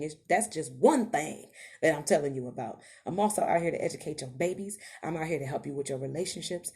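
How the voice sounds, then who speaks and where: A woman's voice: lowish voice, warm tone. Impassioned woman preaching to her audience. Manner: preachy, rising to emphatic calls to the audience. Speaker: podcast host. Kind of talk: impassioned motivational monologue.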